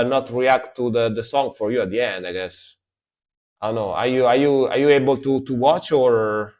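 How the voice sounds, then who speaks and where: A man's voice: fairly low pitch, darkish tone. A man from Italy, chatting casually and rambling as he reacts to metal songs on a live stream, often repeating himself. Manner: rambling, repeats words, laughs easily.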